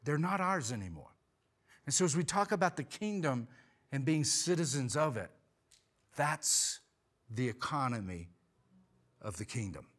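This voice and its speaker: A man preaching a sermon, telling a story in an animated way, his voice rising when he quotes himself and dropping low and quiet on the serious points. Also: measured pace, pauses often. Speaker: pastor.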